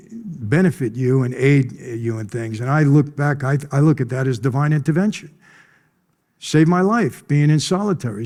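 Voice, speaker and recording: A middle-aged man speaking at a conference gives a blunt storytelling testimony about his own life. His voice is mid-range and a little mellow.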